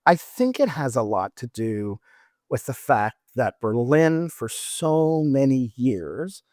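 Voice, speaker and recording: A man's voice: mid-range voice, big pitch swings, slow pace, a little mellow, no echo, studio quality. A middle-aged man on a travel podcast, telling rambling anecdotes in casual chat with many restarts.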